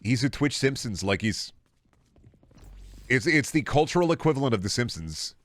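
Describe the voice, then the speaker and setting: A man's voice: mid-range voice, lively intonation, moderate pace, long pauses, slight background noise. A young male streamer riffing on his chat in a crude, sarcastic, casual way.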